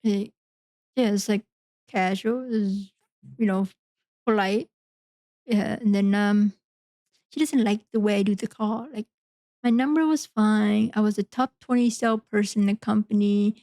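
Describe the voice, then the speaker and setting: A woman's voice: medium pitch, steady tone, a little slow, long pauses, warm tone, no room sound. A woman hosting a podcast, talking frankly in a rambling, casual monologue full of fillers. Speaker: podcast host.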